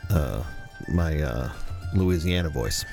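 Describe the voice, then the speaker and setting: A man's voice: a bass voice, animated, takes it slowly, a little mellow, faint music behind. A man hosting a live radio show, chatting casually and rambling through jokes in a studio. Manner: joking, rambling storyteller.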